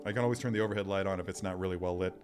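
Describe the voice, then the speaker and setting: A man's voice: deep voice, steady tone, very fast. A man hosting a casual live stream, chatty and self-deprecating, thinking aloud and answering viewer comments as he works. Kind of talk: casual live-stream chat while unboxing. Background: faint sci-fi music.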